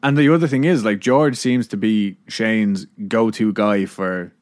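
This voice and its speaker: A man's voice: fairly low pitch, measured pace, a little mellow. A man hosting a podcast, casually narrating a story with laughs and swearing. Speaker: podcast host.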